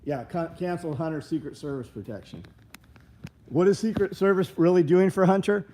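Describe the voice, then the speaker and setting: A man's voice: fairly high pitch, normal speed, mellow, slight background noise. A man hosting a casual livestream, talking bluntly with lots of swearing, reading viewer names and plugging gear. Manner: blunt, profane, rambling. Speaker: livestream host.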